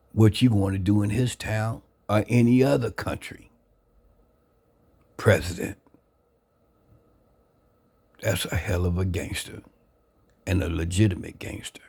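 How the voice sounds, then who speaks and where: A man earnestly sharing his life story into a phone camera, reflective and unhurried. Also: fairly low pitch, creaky, dark tone, slightly rough. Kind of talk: personal testimony, casual talk.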